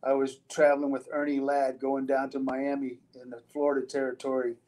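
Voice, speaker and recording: Speaking a little fast in a monotone, medium-pitched, slightly mellow voice, a retired wrestler in his older years rambles through interview answers. He restarts often, uses fillers, and swears casually, all on a low-quality recording.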